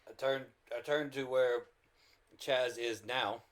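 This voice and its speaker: A man's voice: medium pitch, steady tone, takes it slowly. Man speaking for his character in third person. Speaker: player.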